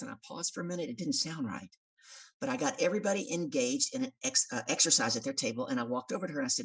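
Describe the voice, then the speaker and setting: A woman's voice: sits low, sing-song, fast talker, creaky, breathy edge, distant mic. A woman guest on a podcast, a coach and speaker, telling stories with animation and acting out the voices of the people in them. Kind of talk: storytelling in an interview.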